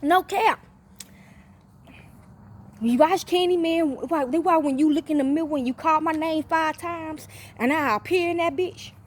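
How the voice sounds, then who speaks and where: A woman talking straight to her viewers in a rambling, profane monologue. She repeats herself, stops often to ask "okay?", and gets louder and higher when she is excited. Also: a little slow. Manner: profane, repetitive, often checks in with 'okay?'. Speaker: channel host.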